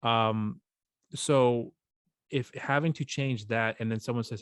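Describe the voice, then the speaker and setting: A man's voice: mid-range voice, steady tone, takes it slowly, clear, resonant tone, no echo. A male podcast host asking long, rambling questions full of restarts. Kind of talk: casual interview.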